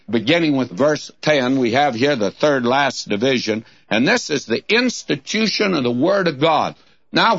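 A man's voice: a little high, a bit bright. A man teaching the Bible on a taped radio program, reading scripture aloud in King James cadence and calling his listeners friend in a folksy way. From Southern California. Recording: dull lo-fi tape recording.

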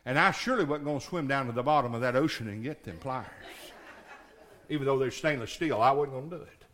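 A middle-aged male pastor preaching a sermon in a church, folksy, moving between quiet storytelling and shouted climaxes. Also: mid-range voice, fast talker.

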